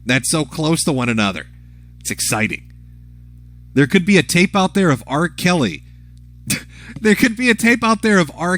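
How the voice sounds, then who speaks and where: A man's voice: medium pitch, a bit bright. A man hosting a live stream, commenting on clips in a profane, laughing, rambling way. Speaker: livestream host.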